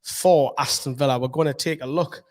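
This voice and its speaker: A man with a Geordie accent hosts a football fan channel, chatting to camera from a room at home in an excitable, rambling way, his voice slightly hoarse from shouting. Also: medium pitch, normal speed. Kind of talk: casual football chat to camera.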